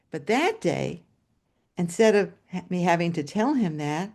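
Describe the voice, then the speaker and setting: Older woman telling a lively story. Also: lowish voice, unhurried, gravelly. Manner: lively, expressive oral storytelling with voiced dialogue. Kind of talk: personal storytelling at a story swap. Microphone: video call.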